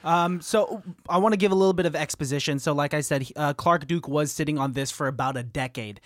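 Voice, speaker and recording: A man's voice: on the high side, fast talker, a bit bright, dry recording, studio quality. Chatty young man co-hosting a podcast. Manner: chatty, reacts and teases. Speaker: podcast co-host. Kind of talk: casual film review chat.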